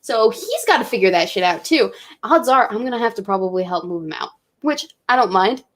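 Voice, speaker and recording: A woman's voice: medium pitch, expressive, brisk. A woman in her twenties, a college student vlogger, talking emotionally and swearing often while drinking. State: drinking, tipsy. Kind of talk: casual vlog chat.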